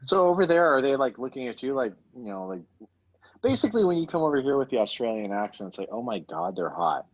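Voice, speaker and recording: Lively, joking podcast co-host man. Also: mid-range voice, fast talker, dull audio. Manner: animated, jokey, leaps between voices. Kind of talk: casual banter.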